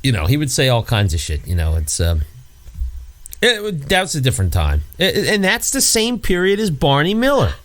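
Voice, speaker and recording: Lively, rambling man telling stories. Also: normal speed. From New York area. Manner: rambling storyteller, swears, acts out scenes in high put-on voices. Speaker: podcast co-host. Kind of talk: casual chat.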